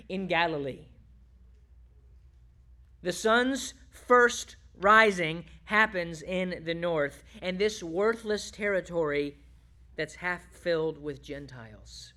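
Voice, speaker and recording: A pastor preaching a sermon in an animated way, asking the congregation rhetorical questions and dropping low and soft when reading scripture. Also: slow pace.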